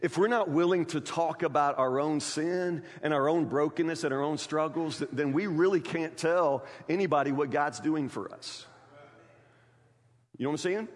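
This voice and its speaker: A pastor preaching to his church, driving his point home with one rhetorical question after another. His voice sits high for a man and rings out in a hall with a long echo. He often trips and restarts words mid-phrase. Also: moderate pace. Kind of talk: sermon.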